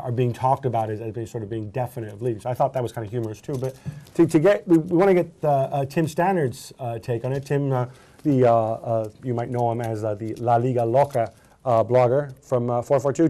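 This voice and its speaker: A man's voice: mid-range voice, brisk, dark tone. Sardonic man co-hosting a panel. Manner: sardonic, playful interjecting. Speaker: co-host. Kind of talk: studio panel discussion.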